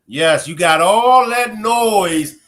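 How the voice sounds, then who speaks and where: Guy hosting a live stream, kinda high bright voice, short casual prompts. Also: lively intonation, takes it slowly. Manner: brief encouraging prompts.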